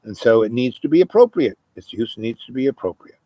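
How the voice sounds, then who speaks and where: A man repeating the words of a calm, kindly woman teacher, in a gentle and reassuring manner close to his own voice. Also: mid-range voice, brisk, natural voice. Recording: noisy background hiss.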